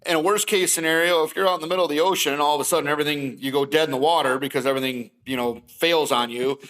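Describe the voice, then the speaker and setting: Podcast guest, middle-aged man, bright and forceful tone, lively storyteller. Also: fairly high pitch, very fast, poor audio. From Wisconsin. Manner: animated storytelling, acting out both sides of conversations. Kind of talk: casual storytelling.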